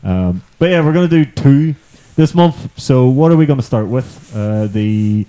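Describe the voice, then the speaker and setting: A rambling man hosts a casual podcast from a room at home. His voice is mellow and relaxed and sits in a middle pitch. He laughs often as he chats. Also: unhurried. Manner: rambling, chatty, laughs a lot. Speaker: podcast host. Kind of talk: casual chat. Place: indoor room, apartment.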